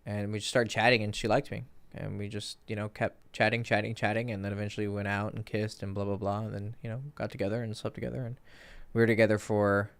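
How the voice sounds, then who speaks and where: A man's voice: fairly low pitch, flat delivery, quick pace, vocal fry, hardly any pauses, smooth. A man in his thirties, a dating coach, telling stories in a casual, rambling livestream Q&A with many fillers and restarts.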